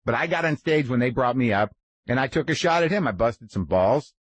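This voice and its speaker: A man's voice: medium pitch, lively intonation, a little fast, no echo. A man in his fifties hosting a podcast, talking in a rambling, profane, self-deprecating monologue. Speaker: podcast host. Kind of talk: casual monologue.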